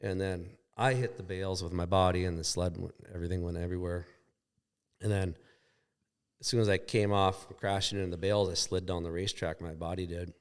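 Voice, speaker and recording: Speaking briskly in a low, steady, clear and resonant tone, this podcast guest rambles profanely through a lengthy crash story set at a shop, performing the dialogue of those involved.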